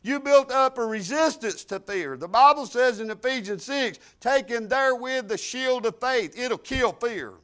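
An older man with a drawl preaching, his voice sitting unusually high for a man. He spins homespun stories, dropping into quiet asides and then rising into loud, emphatic declarations. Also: animated, moderate pace, few pauses. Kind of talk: sermon.

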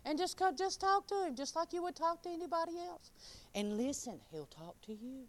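A woman preaching an informal sermon and giving her testimony. She talks straight to the crowd and swings between soft, quiet asides and loud, emphatic lines. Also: high voice, animated, fairly quick. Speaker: speaker giving a testimony and teaching.

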